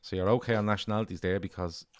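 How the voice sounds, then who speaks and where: This man has a low voice and fairly even intonation, recorded with no room sound. He hosts a casual football quiz podcast as a brisk quizmaster, reading out questions and scoring the answers as right or wrong.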